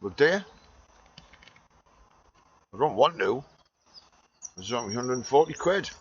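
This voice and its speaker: A man's voice: mid-range voice, animated, a little slow, husky, muffled recording. A man in a sweary, rambling monologue that swings between muttering and ranting.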